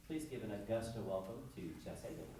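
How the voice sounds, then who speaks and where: A man's voice: on the low side, animated, quick pace. A man acting as the event emcee, formally reading out the introduction for the next speaker. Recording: echoey hall, distant mic, faint noise.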